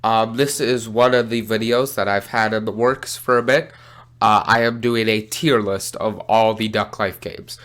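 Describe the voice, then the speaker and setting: A man's voice: fairly low pitch, fairly even intonation, moderate pace, a bit bright. Young man, sick, nasal voice. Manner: rambling with many fillers and restarts. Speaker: gaming channel host. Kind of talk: casual gaming commentary.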